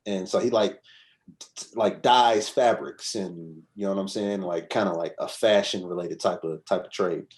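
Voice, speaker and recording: Male podcast guest, slightly low voice, loose conversational storyteller who rambles and checks in with his listener. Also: normal speed, a little mellow. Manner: rambling, conversational, frequent "you know what I'm saying". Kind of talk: casual storytelling.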